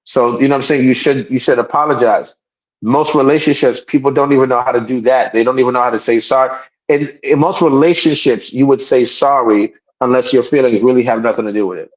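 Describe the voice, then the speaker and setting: A man's voice: medium pitch, steady tone, a little fast, low-quality recording. A man co-hosting a podcast in casual chat, talking emphatically, repeating himself and restarting his sentences. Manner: acts out quoted people in raised voices. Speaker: podcast co-host.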